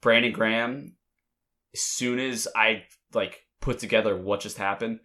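A man with a low, bright, forceful voice chats casually about his team. He tells the story emotionally, rambling and restarting often. It is a relaxed back-and-forth between two fans. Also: unhurried. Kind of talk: casual chat.

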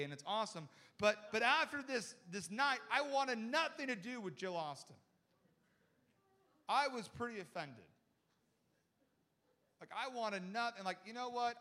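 A man, a pastor, telling a humorous story in a sermon, chatty and animated, acting out the people in it. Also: high-pitched, long reverb tail. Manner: animated, acts out voices of people in his story; chatty, with many "like" and restarts.

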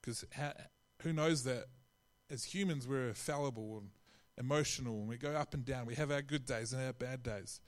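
A man's voice: medium pitch, moderate pace, hardly any pauses. A man preaching a sermon in a conversational way, often restarting his phrases and acting out quotes.

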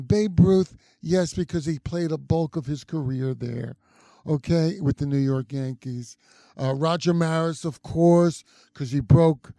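A man's voice: sits high, dark tone, no room sound. An older man hosting a podcast, giving blunt opinions in a ranting way and tagging his points with "okay?". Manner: trails off into mumbling restarts and fillers. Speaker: podcast host. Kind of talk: opinionated casual rant.

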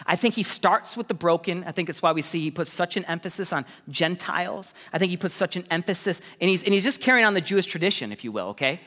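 Male pastor, high bright voice, animated sermon, long church-hall reverb. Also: fast talker, few pauses. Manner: animated preaching with sudden pitch jumps and acted asides.

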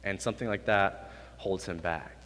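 A man in his twenties delivers a sermon in a hall with a long, lingering reverb. His voice sits on the low side. He swings between hushed, low asides and loud, high-pitched bursts. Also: normal speed. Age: 20s. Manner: animated, swings from quiet to loud and high when acting out God's lines. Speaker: youth pastor. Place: hall with an audience.

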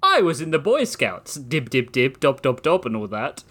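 A man voicing a pompous, posh British ape gentleman with a plummy, drawling put-on British accent. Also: mid-range voice, huge pitch swings, moderate pace.

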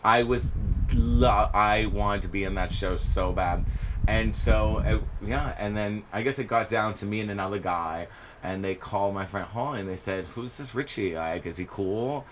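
A man with a slightly low voice tells stories as a podcast guest in easygoing conversation. He is animated and laughs often, acting out the voices of the people in his stories. A clear hiss of background noise runs under the recording. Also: normal speed. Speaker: podcast guest, stage performer. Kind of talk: casual storytelling interview.

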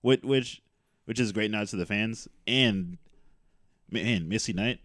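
A man's voice: on the low side, measured pace, fairly bright tone, no room sound. A man co-hosting a podcast in casual chat, steering the talk with dry teasing. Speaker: podcast co-host.

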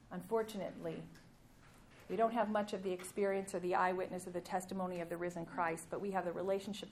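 A woman giving a sermon, reading scripture aloud with emphatic rises and pauses, ending in prayer. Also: medium pitch, a little hiss or hum. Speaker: preacher.

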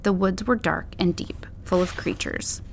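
A woman narrating a story as an audiobook in a steady, measured way. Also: on the low side, gravelly, slight background noise.

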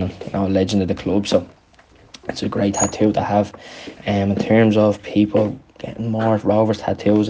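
A man's voice: lowish voice, mellow, slight background noise. A young man telling stories casually, rambling with lots of ums. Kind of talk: casual storytelling chat.

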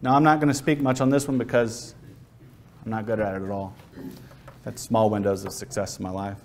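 A man's voice: fairly low pitch, fairly even intonation, brisk, slight background noise. A man preaching a sermon who tells Bible ideas as vivid, acted-out stories. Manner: vivid storytelling, acts out scenes.

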